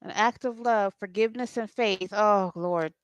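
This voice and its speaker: A woman's voice: mid-range voice, normal speed, no room sound. A woman doing a casual channeling session as a psychic reader, chatting and laughing with her viewers. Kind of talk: casual spirit channeling livestream.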